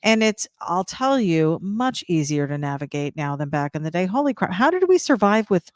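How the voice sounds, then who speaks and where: A woman's voice: on the low side, sing-song, no echo. Chatty woman co-host, dry sound. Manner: chatty, quick interjections. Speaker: podcast co-host. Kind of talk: casual chat.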